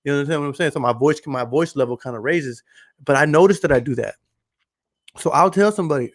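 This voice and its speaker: A man, a podcast host talking loudly and passionately in a casual monologue to a camera in front of a green screen. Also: fairly high pitch, fast talker. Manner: loud, passionate talker. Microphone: camera recording.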